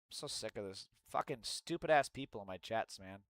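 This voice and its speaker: A man's voice: on the low side, expressive, brisk, a bit bright, smooth, dry recording. A man streaming heated political commentary, ranting and swearing at his chat. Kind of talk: angry livestream commentary.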